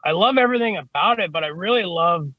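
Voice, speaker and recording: Fast and expressive, this man's high voice comes through lo-fi sound with no room sound. He's an HVAC service technician and podcast guest, casually telling rambling stories in an interview, with lots of "you know what I mean" and offhand swearing.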